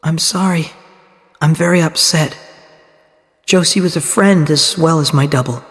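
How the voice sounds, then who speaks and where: A man doing a soft-spoken, upset young actress. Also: measured pace. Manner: low and subdued. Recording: long hall reverb.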